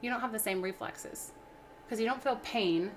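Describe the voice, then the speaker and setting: A young woman hosting a cooking livestream keeps up a rambling, chatty flow full of fillers and restarts. Her pitch is fairly high and her speed normal, with slight background noise and faint music.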